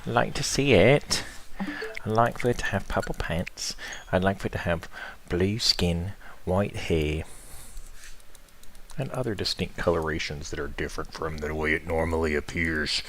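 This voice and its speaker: A man voicing his female pet dog, giving her a high, sing-song, put-on British voice. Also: normal speed, a bit bright, slight background noise, poor audio. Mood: chirpy.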